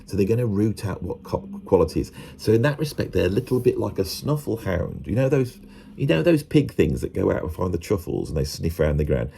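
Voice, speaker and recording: Male host, low mellow gravelly voice, rambling self-mocking monologue. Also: big pitch swings, fairly quick, slight background noise. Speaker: musician talking to camera. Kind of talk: casual monologue to camera.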